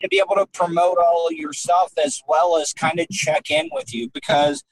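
Rambling host. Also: male voice, a little high, moderate pace, a little hiss or hum, rough recording. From United States. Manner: rambling, stumbling questions. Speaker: podcast host. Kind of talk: podcast interview.

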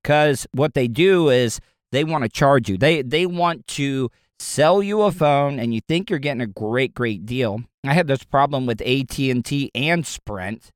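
A man's voice: mid-range voice, expressive, measured pace, smooth, dry recording, clean studio sound. A middle-aged man from Florida, a radio host, ranting casually and profanely, often stumbling and repeating words. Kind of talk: casual solo rant.

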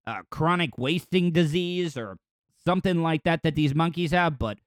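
Speaking at normal speed with a fairly high pitch, a male podcast host rambles through crude jokes in casual comedic commentary laid over news clips. The studio recording is clean, with no room sound.

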